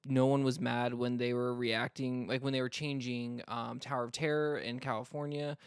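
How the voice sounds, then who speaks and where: A man's voice: mid-range voice, level tone, normal speed, clean tone, no room sound, clean studio sound. A man from North Florida co-hosting a podcast, talking in a rambling casual way full of fillers. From North Florida, US South. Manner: rambling, many fillers and restarts. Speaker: podcast co-host. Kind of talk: casual chat.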